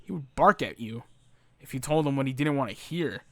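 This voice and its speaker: A young former retail worker rants about his old job in an expressive, medium-pitched voice, talking a little fast. His casual storytelling is profane, full of fillers, and he keeps restarting sentences. There's no room sound.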